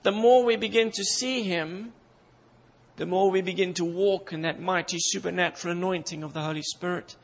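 A man's voice: high-pitched, steady tone, normal speed, gravelly. A man preaching a sermon with fervent, emphatic delivery, repeating phrases for emphasis. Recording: dull sound with long reverb in a hall.

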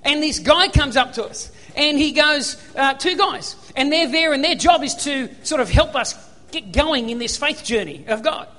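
Australian male preacher, high voice, storytelling sermon, long hall reverb. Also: animated, normal speed, bright, forceful tone. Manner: storytelling, acts out remembered dialogue.

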